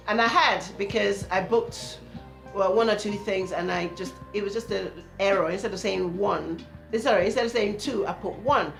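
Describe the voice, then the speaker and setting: A woman telling a personal story to camera in a casual, earnest vlog, quietly voicing her inner voice as she goes. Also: medium pitch, brisk, gravelly, reverberant, faint music behind. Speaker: vlogger.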